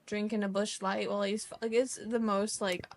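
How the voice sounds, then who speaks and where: A woman's voice: mid-range voice, flat delivery, fairly quick, gravelly. A young woman in her twenties co-hosting a podcast, chatting in a laid-back way and chiming in with short reactions. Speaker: podcast co-host. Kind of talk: casual chat.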